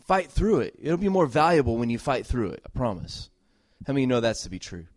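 A middle-aged pastor delivers an earnest, emphatic sermon at medium pitch, repeating phrases as he swings between loud exhortation and soft, tender words. He is very animated and fast. The recording is dry and studio quality.

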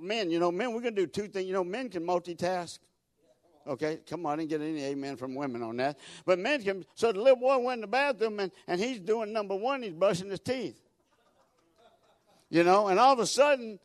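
Speaking in a high-pitched voice with no echo, this man preaches as a guest, spinning homespun tales. He repeats words and climbs to loud, forceful high points.

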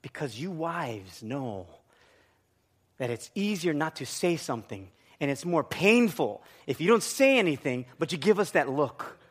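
A man with a fairly high, very expressive voice delivers a sermon. He tells funny stories from his own life and acts out every voice in the dialogue himself, from his wife's lines to his own. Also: a little slow. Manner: animated storyteller who acts out both sides of dialogue. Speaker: pastor. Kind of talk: sermon with a humorous personal story.

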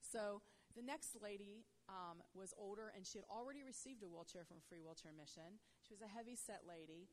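Woman telling a lively faith testimony. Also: fairly quick. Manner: conversational, peppered with "you know"; grows loud and high when excited. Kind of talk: animated faith testimony storytelling.

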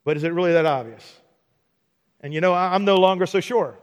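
A man preaching a sermon in a church, animated and acting out mock dialogues for laughs. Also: sits high, a little fast, pauses often. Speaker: pastor. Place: church sanctuary. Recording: long hall reverb.

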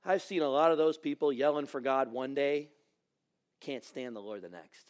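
A middle-aged man, a pastor, preaching a sermon and swinging from hushed lines to shouting. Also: medium pitch, moderate pace.

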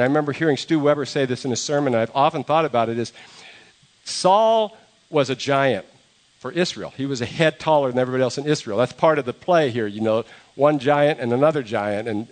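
A man preaching a sermon, telling a story in a relaxed, conversational way and acting out the quoted lines. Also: medium pitch. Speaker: pastor.

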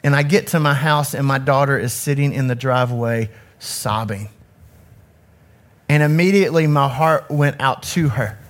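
Using a handheld microphone, a youth ministry director in his forties addresses an audience at medium pitch and moderate pace. His personal talk is frank and self-critical, and he frequently starts sentences over.

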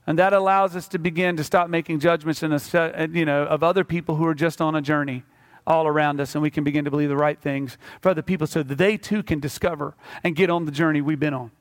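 Man, high voice, pastor preaching a sermon, conversational storyteller, earnest. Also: fairly even intonation, fast.

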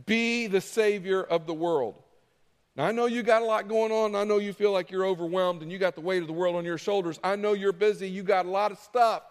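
A male pastor delivers a sermon with a noticeably high voice. He talks to the congregation as if chatting with them and plays out their objections in their own voices. The room behind him rings with the long reverb of a big hall. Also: steady tone, quick pace, few pauses, clear, resonant tone. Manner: conversational, acting out listeners' objections.

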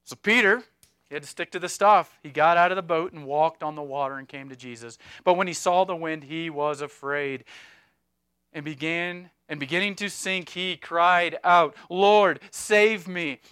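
A man preaching a sermon in an animated, conversational way, with asides and humor. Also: a little high, moderate pace, smooth, no room sound, studio quality. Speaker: pastor.

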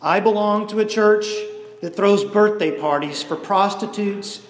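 A man voicing a calm, earnest male preacher who speaks quietly. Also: high-pitched, unhurried. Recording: echoey hall.

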